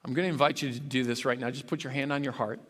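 A man's voice: medium pitch, steady tone, rapid-fire, fairly bright tone. A man preaching a sermon as a pastor, earnest and rising to fervent emphasis. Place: church sanctuary. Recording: long hall reverb.

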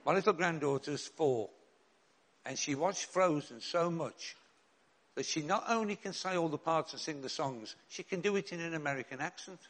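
A man's voice: a little high, normal speed, fairly bright tone. An older man, a bishop and chaplain preaching a sermon in an earnest, direct way with rhetorical questions and repeated refrains.

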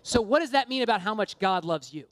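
A woman's voice: medium pitch, animated, fast talker, no room sound. Woman preacher, mid-range voice, earnest and fervent sermon delivery with chatty asides, dry close mic. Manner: earnest and impassioned, rising to emphatic appeals; conversational asides with light self-deprecation.

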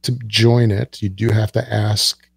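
Gravelly low-voiced man, dry podcast co-host. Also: little pitch movement, unhurried, dry recording. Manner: dry, sarcastic humor. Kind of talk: casual chat.

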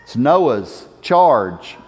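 A man's voice: mid-range voice, sing-song, very slow. A male pastor preaching a sermon, impassioned and building to emphatic exhortations. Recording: echoey church hall reverb.

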